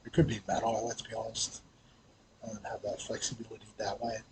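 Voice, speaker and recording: A man's voice: fairly low pitch, level tone, brisk, background noise. A man with an Australian accent hosting a fantasy sports vlog, talking casually with lots of hesitations, fillers and restarts. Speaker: fantasy sports channel host.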